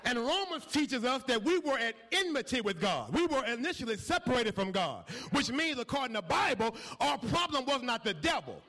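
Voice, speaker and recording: A male pastor preaching a sermon, swinging between quiet asides and shouted, repetitive declarations. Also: very high voice, very animated, fairly quick, hardly any pauses.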